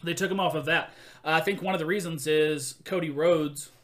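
A man hosts a casual podcast chat in a bright, clear voice that sits a bit higher than most men's. Steady in tone and brisk, he tells stories animatedly, acting out quotes and laughing often.

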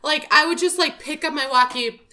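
A woman chatting casually about working in retail, acting out customers in quick put-on voices. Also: high voice, pushed and bright.

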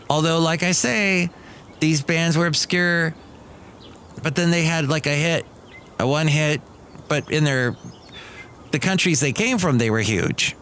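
A man's voice: a little high, fairly bright tone, slight background noise. A middle-aged man hosting a podcast, rambling through a casual comic monologue with restarts and asides. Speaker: podcast host.

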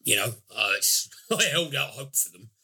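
A man's voice: mid-range voice, lively intonation, normal speed, sharp tone, husky. A man co-hosting a podcast, rambling a little and correcting himself as he gives a blunt opinion on a film. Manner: rambling, self-correcting, apologetic, laughs a lot. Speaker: podcast co-host. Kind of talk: casual review chat.

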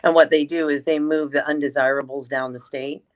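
A woman chatting casually and telling an animated story, swearing freely and using lots of fillers. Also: low-pitched, brisk.

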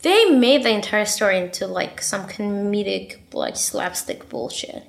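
A young woman in a casual interview, talking quickly and bluntly about her own story, swearing freely and filling her talk with "like" and "right?". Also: medium pitch, vocal fry. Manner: fast, blunt and passionate, swears a lot; many fillers like "like" and "right?".

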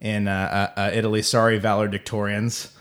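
A man with a somewhat low voice co-hosts a casual sports podcast. He rambles and stumbles through restarts, getting animated as he goes. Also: brisk. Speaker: podcast co-host.

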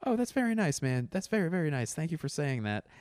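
A man doing an impression of a loud, excited grown man who yells with profane glee. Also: fairly high pitch, quick pace, no room sound, clean studio sound, voice pushed up. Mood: friendly. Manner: yelling, profane, gleeful.

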